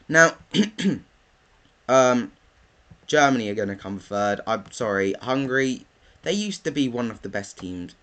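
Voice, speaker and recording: Brief: young man, unhurried rambling vlog chat, mid pitch, lots of filler. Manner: rambling, thinks aloud with many ums, bursts into excited chanting. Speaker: football vlogger. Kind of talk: casual predictions talk.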